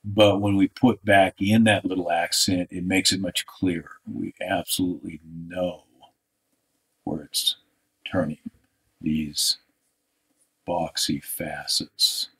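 Male art instructor, low voice, casual live critique with plenty of thinking aloud and restarts. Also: flat delivery, slow pace, pauses often, fairly bright tone. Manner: thinking aloud, restarts, talks over drawing on screen.

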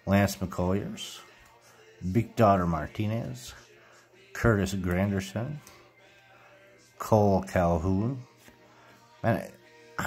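This middle-aged man's voice sits on the low side and sounds a little mellow. He's a YouTuber who collects cards, chatting casually while he rips baseball packs and reads each player's name, correcting himself when he trips up.

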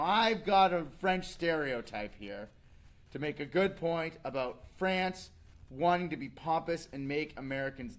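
A man in his thirties hosting a casual comedic rant, animated and slipping into mocking voices. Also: mid-range voice. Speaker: show host.

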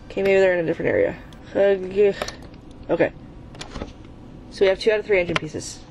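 A woman's voice: medium pitch, fairly quick, gravelly, long pauses, darkish tone, slight background noise. A woman hosting her own gaming channel, giving let's play commentary while she plays, exasperated and swearing at the game, often chanting the same urging words over and over. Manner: chants repeated urging phrases.

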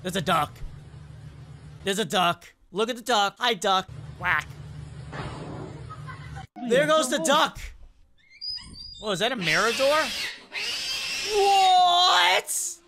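A woman's voice: mid-range voice, unhurried, pauses often, background noise. A young woman hosting a reaction video, chatting casually and exclaiming at funny clips. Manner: animated, exclaiming and questioning clips.

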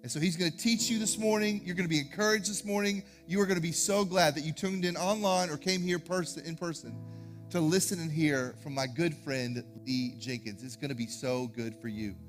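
A man, a pastor giving announcements and introducing a guest speaker in a church sanctuary, talking in an energetic, informal way. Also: on the high side, fairly quick, faint music behind.

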